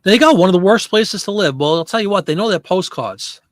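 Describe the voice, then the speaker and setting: A man's voice: high-pitched, lively intonation, a little fast, no room sound, clean studio sound. A man hosting a live stream, chatting casually and answering viewer comments.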